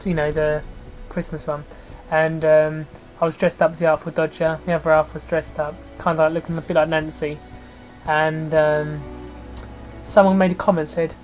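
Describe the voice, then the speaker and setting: A man's voice: on the high side, little pitch movement, moderate pace, faint music behind, low-quality recording. A young man chatting casually beside a friend playing a game, easygoing with dry jokes. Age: young adult. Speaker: guest friend. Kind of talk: casual chat.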